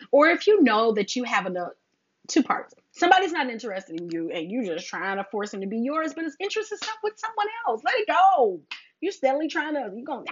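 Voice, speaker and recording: A middle-aged woman talks faith to her listeners in a casual, preachy way, calling them sis. Her voice sits fairly high and swoops widely. The recording sounds dull and lo-fi. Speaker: faith talk host. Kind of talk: casual faith talk to viewers.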